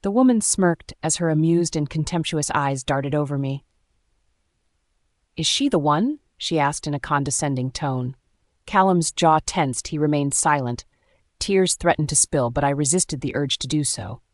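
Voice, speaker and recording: A narrator reads a first-person romance story aloud with dramatic, emotional delivery. The voice is medium-pitched at a moderate pace, and the recording is dry with clean studio sound.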